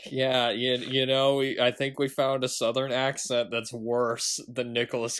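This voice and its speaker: A man's voice: mid-range voice, little pitch movement, measured pace, hardly any pauses, fairly bright tone, clean tone. A man co-hosting a film review podcast, talking casually and rambling with frequent ums and trailing asides. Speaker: podcast co-host.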